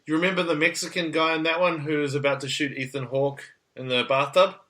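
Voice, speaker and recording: A man with a New Zealand accent hosting a podcast, chatting casually in an animated, jokey, slangy way. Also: fairly high pitch, brisk. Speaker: podcast host.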